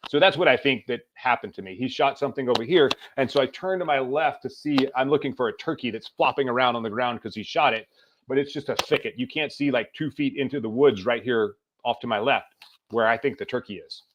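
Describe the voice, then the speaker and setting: A middle-aged man, a podcast guest, tells a personal story in a casual, animated way and acts out the lines he quotes. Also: medium pitch, fairly quick, noisy background.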